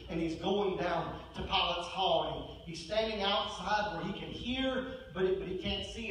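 A high-pitched, bright-toned male pastor preaches from a distance in a reverberant church sanctuary, faint room hum behind him. He moves between forceful declarations and hushed, near-whispered storytelling. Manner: preaching with dramatic swings between loud and hushed. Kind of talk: sermon. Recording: echoey church hall, mic at a distance.

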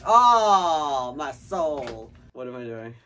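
A man filming a playful challenge vlog, excitable and self-mocking, swearing often. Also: on the high side, drawn-out words. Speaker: vlogger. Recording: noisy home recording.

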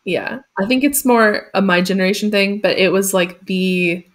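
Woman in her 20s, mid-pitched, chatty and giggly, casual Q&A host energy on a stream. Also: normal speed. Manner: chatty and giggly, many ums and likes. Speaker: guest reading chat questions. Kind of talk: casual livestream Q&A.

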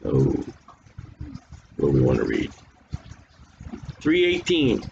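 A man's voice: low voice, wildly swooping pitch, slow, vocal fry, darkish tone, a little hiss or hum. A man preaching a sermon and reading scripture aloud, talking casually and stumbling over hard names, his voice worn. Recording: dull lo-fi recording.

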